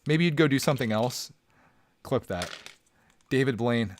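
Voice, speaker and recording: A man's voice: medium pitch, animated, measured pace, a little hiss or hum. A man hosting a casual live stream from home, joking around and chatting with his viewers.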